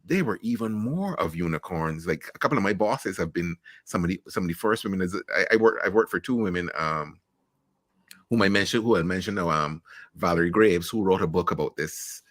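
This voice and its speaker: Blunt middle-aged Caribbean man, bright voice. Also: low-pitched, lively intonation, brisk, dry recording, clean studio sound. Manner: frank, blunt storytelling with swearing and jokes. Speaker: podcast guest, marketing executive. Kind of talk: casual interview chat.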